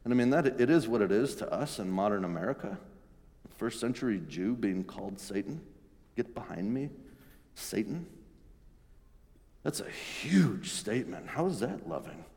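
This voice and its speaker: A man's voice: lowish voice, sing-song, moderate pace, a little mellow. A pastor giving a sermon in an earnest, conversational way, often restarting his phrases. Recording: long reverb in a large hall.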